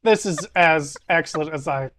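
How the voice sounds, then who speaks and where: Chill teasing game master running a tabletop game, middle pitch. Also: moderate pace, background noise.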